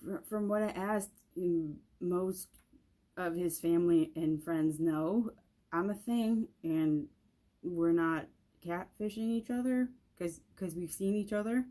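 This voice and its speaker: A woman's voice: on the low side, takes it slowly, mellow. A young woman telling a casual storytime vlog, rambling with lots of "like" and restarts. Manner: rambling, many "like" fillers and restarts. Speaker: vlogger.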